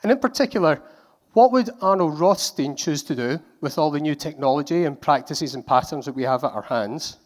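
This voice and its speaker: A man's voice: a little high, lively intonation, brisk. A man with a Scottish accent giving a conference talk, telling a story in a wry, self-deprecating way. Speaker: conference speaker. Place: conference hall.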